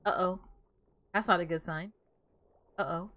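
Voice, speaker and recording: A woman's voice: on the low side, steady tone, unhurried, a bit bright. A woman streaming a game, chatting casually, muttering to herself and breaking into playful outbursts.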